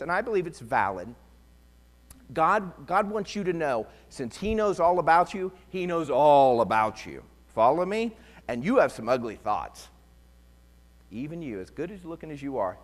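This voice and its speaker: A man's voice: fairly high pitch, in a large hall. A man preaching a conversational sermon, telling stories with humor and animation. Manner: animated, joking storyteller. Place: church.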